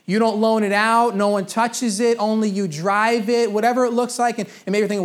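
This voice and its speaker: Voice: medium pitch, flat delivery, fairly quick, hardly any pauses. A pastor preaching a sermon in a conversational way, repeating key phrases for emphasis.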